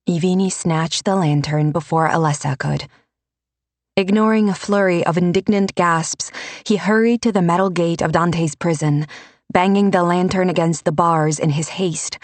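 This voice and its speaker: Woman narrator, audiobook, low voice, measured reading. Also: no room sound. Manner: measured, unhurried storytelling.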